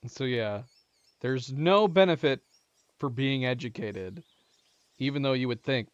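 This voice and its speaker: A man's voice: medium pitch, measured pace, long pauses, clear, resonant tone, no echo, muffled recording. A man hosting a let's play, musing aloud about the game in a casual, chatty way. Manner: chatty, musing, chuckles often. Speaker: gaming channel host.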